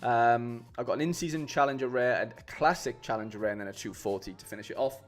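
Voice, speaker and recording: A fast-talking streamer with a mid-range voice rambles over soft background music as he builds fantasy football lineups live. His casual chat is full of fillers and restarts, and he calls his viewers "mate."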